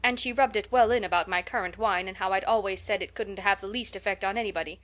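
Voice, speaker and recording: Brief: sharp-tongued older spinster, read by a woman narrator, brisk and stern. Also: medium pitch, steady tone, lightly acted. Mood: exasperated. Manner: brisk, scolding.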